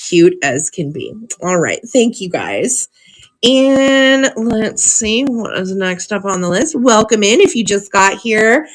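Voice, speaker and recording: Medium-pitched and very animated yet slow, a woman runs a live vintage sale, reading old cards aloud. She's chatty and gushing, with frequent giggles as she talks casually.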